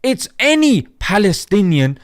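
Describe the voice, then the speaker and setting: A man's voice: sits high, sing-song, a little slow, dry recording, studio quality. A man hosting an informal news commentary, talking in a casual, sarcastic way. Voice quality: informal, sarcastic, peppered with "mate". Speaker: host.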